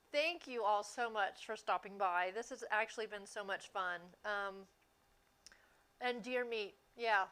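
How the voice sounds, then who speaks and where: Chatty woman streaming her baking, higher voice. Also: a bit bright, smooth. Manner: chatty, easygoing, quick to laugh. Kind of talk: casual chat while baking on a livestream.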